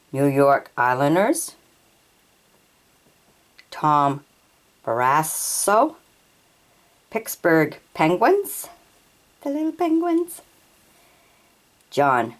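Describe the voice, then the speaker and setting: Woman, low voice, very slow pace, reading card names aloud, halting, stumbles on names. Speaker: hockey card collector. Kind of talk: slow read-out of trading cards.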